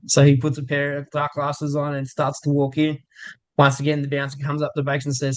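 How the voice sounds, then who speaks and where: A man co-hosting a local football show, chatty and relaxed, spinning drawn-out jokes and banter. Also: fairly high pitch. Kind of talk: casual banter and joke telling.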